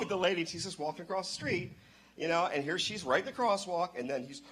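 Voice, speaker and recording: A man telling a story in church on a handheld microphone, excitable and bursting into loud exclamations. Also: a little high, quick pace, husky. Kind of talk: animated storytelling.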